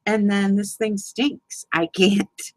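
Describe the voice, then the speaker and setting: In a rough recording with no echo, a woman speaks slowly and flatly in a mid-range voice. She hosts a casual live crafting chat, demonstrating a paper craft while rambling, sounding exasperated, swearing, laughing and addressing viewers by name.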